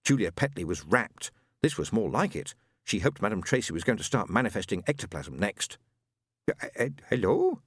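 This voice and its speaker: A man narrating an audiobook in an expressive, wry way. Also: sits low, fairly quick, no echo, studio quality. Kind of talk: scripted narration.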